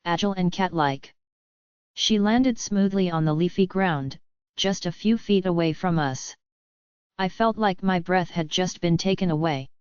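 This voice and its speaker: A woman giving scripted first-person audiobook narration in an even, steady reading. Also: on the low side, clear, resonant tone, dry recording. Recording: dull lo-fi dry audiobook recording.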